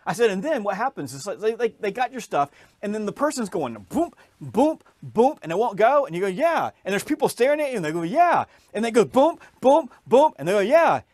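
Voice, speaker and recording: A man with a fairly high speaking voice tells a story with lots of energy, jumping up in pitch as he acts out the people in it. The sound is dry and close, with no room around it. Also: fast talker, hardly any pauses, no echo. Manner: lively storyteller, acts out voices, rises in pitch when excited. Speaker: podcast guest, sales author. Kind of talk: animated storytelling in conversation.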